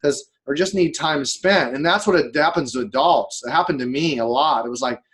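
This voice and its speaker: A man's voice: fairly high pitch, fairly quick, a bit bright. A man co-hosting a podcast, talking candidly and in a rambling way, swearing now and then and acting out his own thoughts. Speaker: podcast co-host. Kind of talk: casual podcast chat.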